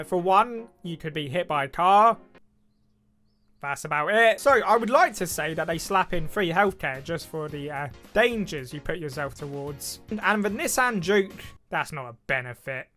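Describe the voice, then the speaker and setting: Bright-voiced British man with wry asides. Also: on the high side. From United Kingdom. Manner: wry, joking asides while reading questions aloud. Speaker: YouTuber taking an online quiz. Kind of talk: casual quiz commentary.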